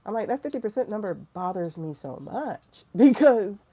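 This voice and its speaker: A woman's voice: medium pitch, very animated, normal speed, warm tone, breathy edge. A woman hosting a spiritual livestream, telling a story in casual, candid talk, quoting herself and others with profane asides. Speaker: tarot livestream host.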